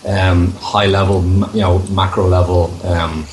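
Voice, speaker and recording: A man's voice: low voice, flat delivery, a little slow, a little hiss or hum. A man in a band, a guest in a casual interview, talking at length in a rambling way with lots of fillers. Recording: roomy echo.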